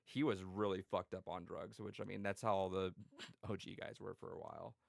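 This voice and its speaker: A man's voice: low-pitched, steady tone, normal speed, vocal fry, no echo, studio quality. A man hosting a casual podcast chat, rambling and swearing with lots of restarts.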